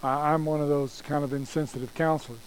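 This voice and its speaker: A man's voice: fairly high pitch, steady tone, quick pace, smooth, poor audio. A pastor preaching a conversational sermon, repeating phrases and restarting his sentences as he goes.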